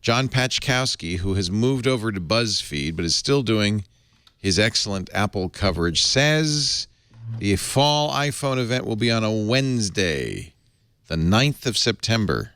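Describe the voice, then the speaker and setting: A man's voice: fairly low pitch, lively intonation, unhurried, a bit bright, clean tone, no echo. A man hosting a tech podcast, playful and joking as he chats with his guests. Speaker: podcast host. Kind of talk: casual tech chat.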